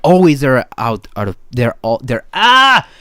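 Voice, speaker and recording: Ranting young streamer man, lively pitch. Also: a little slow. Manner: mocking, swears, mimics people in silly voices. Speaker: live-streaming beatbox judge. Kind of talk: ranting live stream commentary.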